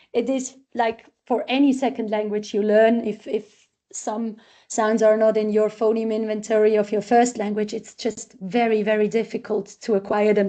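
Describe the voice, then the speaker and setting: Woman, researcher, presenting a talk, mellow tone, slightly high voice, step-by-step explanations. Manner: explains step by step, walking through examples. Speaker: researcher presenting a literacy tool.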